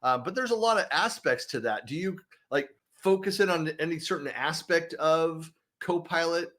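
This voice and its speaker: A man's voice: on the high side, normal speed, fairly bright tone. A man hosting an interview over a video call, chatty and upbeat with lots of casual fillers. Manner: chatty, upbeat, many fillers like "you know". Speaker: interview host.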